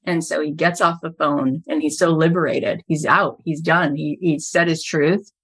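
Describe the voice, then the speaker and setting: A woman's voice: low voice, fairly even intonation, moderate pace, slightly rough. A middle-aged woman, a podcast host and business coach, telling stories as a guest in an interview and building each anecdote to its punchline.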